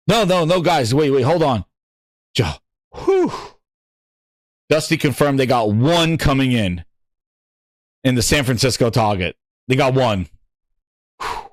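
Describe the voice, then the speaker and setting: Excitable man with lively high voice. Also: unhurried, long pauses, no echo, clean studio sound. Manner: loud, animated, teasing and incredulous. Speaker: podcast host. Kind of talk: excited casual gaming talk.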